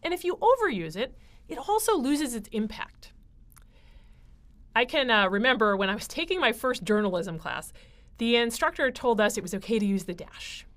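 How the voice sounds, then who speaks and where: A woman's voice: fairly high pitch, very animated, moderate pace, a bit bright. A woman instructor giving a recorded writing lecture, explaining step by step with frequent ums and uhs.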